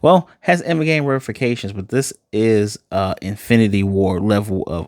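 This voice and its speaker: Lowish-voiced man from Chicago reviewing a show. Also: normal speed, few pauses, a little mellow, no echo, clean studio sound. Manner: enthusiastic, conversational, repeats phrases. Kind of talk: casual spoken review.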